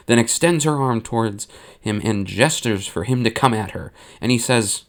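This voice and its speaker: A man narrating a fan what-if story in a plain, matter-of-fact deadpan. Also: on the low side, normal speed.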